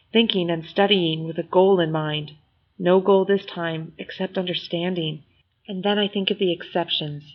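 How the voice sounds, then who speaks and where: A woman reading a novel aloud in first-person audiobook narration, measured and expressive. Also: on the low side, highs cut off.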